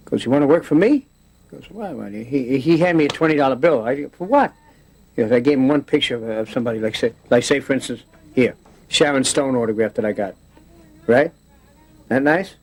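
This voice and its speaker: Chatty guy rambling through his stories, lots of restarts, mid pitch. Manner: rambling, with many restarts and put-on voices. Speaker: interviewee. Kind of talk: casual storytelling interview.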